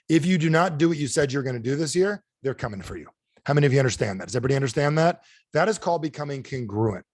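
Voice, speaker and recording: Fast, punchy motivational speaker man. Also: medium pitch, no echo, clean studio sound. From United States. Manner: punchy, repetitive rhetorical questions. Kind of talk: motivational talk on a video call. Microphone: close mic on a video call.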